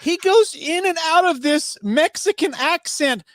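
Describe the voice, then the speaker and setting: A man's voice: extremely high pitch, animated, unhurried, a bit bright, no room sound. A man giving a comedic, sardonic commentary about a movie he watched, telling it as a story. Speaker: video commentator.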